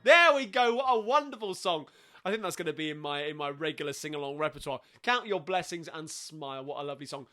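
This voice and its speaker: A man's voice: a little high, lively intonation, fast talker, fairly bright tone. A tired man hosting a casual livestream sing-along from home, chatting at a rambling pace with many ums.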